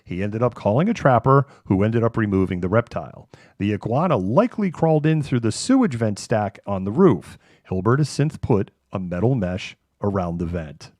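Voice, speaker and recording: A man's voice: lowish voice, animated, moderate pace, darkish tone, no room sound. A man putting on the voice of a formal male TV newscaster. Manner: formal newsreader cadence.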